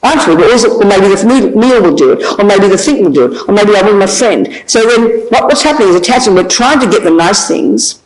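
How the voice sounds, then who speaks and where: An older woman, a Buddhist nun, giving an informal teaching with frank, animated, self-mocking talk and frequent laughter. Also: medium pitch, a little fast, few pauses, low-quality recording. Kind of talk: informal dharma talk with questions. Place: teaching hall of a meditation centre.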